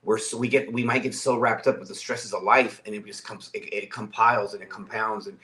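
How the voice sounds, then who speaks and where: A man's voice: on the low side, steady tone, a little fast, bright, forceful tone. Earnest man telling a heartfelt story. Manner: earnest, repeats and restarts words often. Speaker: podcast guest. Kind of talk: casual conversational storytelling.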